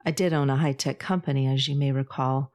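A woman voicing a warm, teasing older man who speaks slowly and gently. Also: medium pitch, steady tone, close to an everyday voice. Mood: wry.

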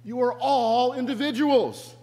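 A man voicing a reluctant young man who shouts down at a crowd, pleading with them. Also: extremely high pitch, a little slow, voice pushed up. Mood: exasperated shouting. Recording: echoey church with faint hum.

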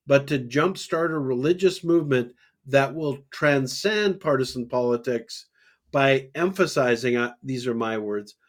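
A man co-hosting a religious discussion podcast, talking in a halting way with many fillers and restarts. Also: mid-range voice. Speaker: podcast co-host.

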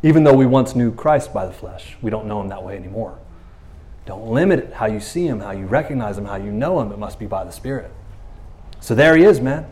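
A pastor with a mid-range, slightly mellow voice preaches a casual, conversational sermon, telling stories animatedly and acting out quoted lines in playful voices. He uses conversational fillers like "you know what I mean."

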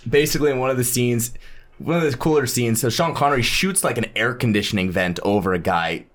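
Guy with a lowish voice, chatty and excited, retelling movie scenes in a casual podcast chat. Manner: animated retelling, quotes lines with lots of "like". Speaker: podcast co-host discussing a movie.

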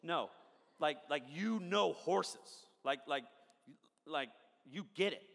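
A man preaching a sermon in a lively, joking way, often checking in with the crowd. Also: on the high side, slow pace, vocal fry, in a large hall. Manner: animated, jokey, asks the crowd often. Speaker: pastor. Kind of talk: sermon with storytelling. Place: large church hall.

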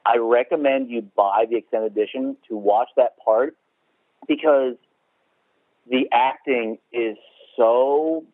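A man co-hosting a podcast from his rural home talks slowly in a medium-pitched voice. His casual movie review wanders, includes swearing, and mocks scenes with put-on voices. It comes through a dry, tinny, phone-like line with no room sound.

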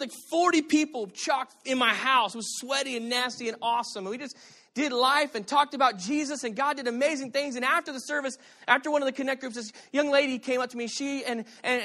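Bright-voiced, animated male pastor preaching. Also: very high voice. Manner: animated storytelling, shouting at peaks. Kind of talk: sermon.

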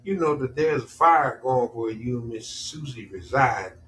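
A man co-hosting a talk show, asking friendly questions with halting restarts. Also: mid-range voice, lively intonation, fairly bright tone, a little hiss or hum. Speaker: co-host. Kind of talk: casual chat.

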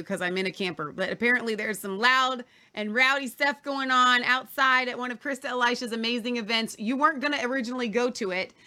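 An enthusiastic woman hosting a faith talk show, her voice sitting on the high side and ringing bright. She introduces her guest in an effusive way, with a few fillers along the way. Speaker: show host.

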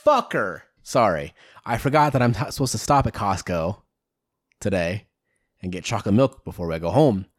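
A man's voice: fairly low pitch, brisk, no room sound, clean studio sound. A man co-hosting a podcast, joking and ranting with plenty of profanity in casual chat. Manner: expressive, joking, profane rants. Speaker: podcast co-host.

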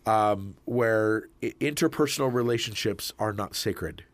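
A man's voice: lowish voice, unhurried, no room sound. Rambling storyteller man, dry close sound. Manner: rambling, hesitant with frequent ums and you-knows. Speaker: manager and podcast co-host. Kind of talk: casual conversational storytelling.

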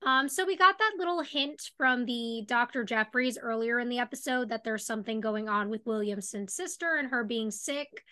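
A woman's voice: on the high side, moderate pace, few pauses, pushed and bright. A woman co-hosting a podcast, chatting casually about a TV episode and filling her talk with "like". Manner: chatty, lots of "like". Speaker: podcast co-host. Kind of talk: casual recap chat.

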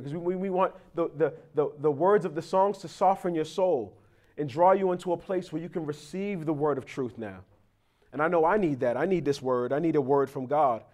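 A man's voice: fairly high pitch, a little fast, darkish tone. A man, a pastor praying and then preaching in a conversational, confessional, storytelling way. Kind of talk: sermon with prayer.

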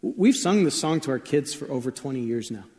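A man in his forties giving a conversational sermon, telling stories in a relaxed way with fillers and asides. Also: mid-range voice, brisk. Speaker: pastor. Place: church sanctuary. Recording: long hall reverb.

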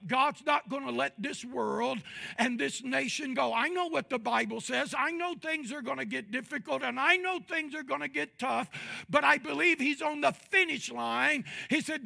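A pastor delivering a sermon, moving between quiet, measured talk and loud, drawn-out shouts. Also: male voice, very high voice, gravelly. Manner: drawn-out, emphatic phrasing.

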